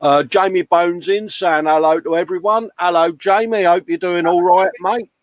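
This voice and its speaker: A man's voice: sits high, fairly even intonation, normal speed, dry recording, muffled recording. Bloke rambling at his workbench, lots of mate and laughs, dead dry mic. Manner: chatty, matey, laughs often. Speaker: host of a live modelling show. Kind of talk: casual chat reading live comments.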